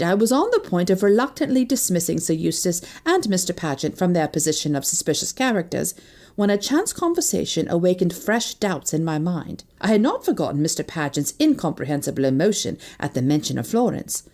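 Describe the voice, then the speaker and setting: A woman narrating a classic novel in the first person, her delivery lively and swinging widely in pitch. Her voice is mellow and warm, with a scripted, storytelling cadence. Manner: expressive, lively character voicing. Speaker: audiobook narrator.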